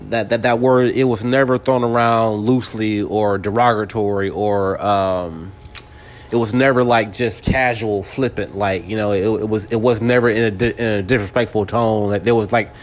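A man's voice: lowish voice, steady tone, normal speed. A man in his forties from California, hosting a casual monologue, speaking straight to the listener and often repeating and restarting his words. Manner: talks straight to the listener, seeking agreement. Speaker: podcast host.

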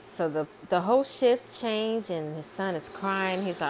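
A woman's voice: mid-range voice, animated, unhurried, slight background noise. A woman casually retelling a movie script she dreamed up, rambling and repeating herself with many fillers. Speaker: amateur screenwriter.

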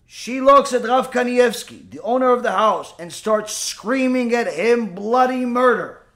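A man's voice: very high-pitched, a little slow, a bit bright. A man giving a sermon, telling a story dramatically, repeating key phrases and asking rhetorical questions. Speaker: preacher.

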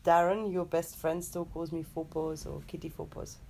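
A woman's voice: deep voice, flat delivery, normal speed, vocal fry, a little mellow, a little hiss or hum. A young woman from Germany, telling a story in casual chat with her partner, laughing often. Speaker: co-host.

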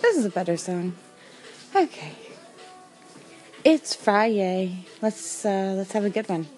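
A woman's voice: mid-range voice, big pitch swings, moderate pace, warm tone, soft background music, rough recording. A woman hosting a casual chat stream, sarcastic and rambling, laughing often. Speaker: livestream host.

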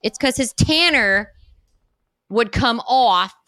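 Bright-voiced woman telling animated stories. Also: fairly high pitch, slow, no echo, studio quality. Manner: animated storyteller, swears freely, laughs often. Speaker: podcast co-host; mother of a young daughter. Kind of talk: casual chat.

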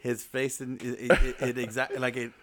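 A man co-hosting a podcast in casual chat, telling a story with a lively voice and acting out the people in it. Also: medium pitch, moderate pace, crowd noise. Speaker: podcast co-host.

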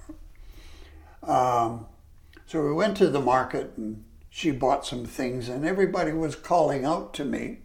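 Older guy slowly telling old stories, gravelly voice, gets animated doing other ppl's lines. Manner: animated, jumps up high to quote people. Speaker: retired lecturer interviewed. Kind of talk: reminiscing storytelling.

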